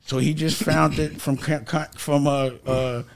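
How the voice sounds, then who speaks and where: Middle-aged guest, high gravelly voice, argumentative, breaks into laughs. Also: male voice, flat delivery, a little slow. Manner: emphatic, argumentative, frequently laughing while telling stories. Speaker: record label executive guest. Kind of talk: heated casual conversation.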